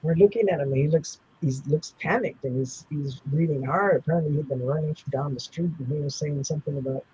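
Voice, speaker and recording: A man's voice: a little high, brisk, few pauses, darkish tone, highs cut off, a little hiss or hum. A man in his seventies tells personal stories as an interview guest, rambling with many restarts and fillers. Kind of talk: personal storytelling in a casual interview.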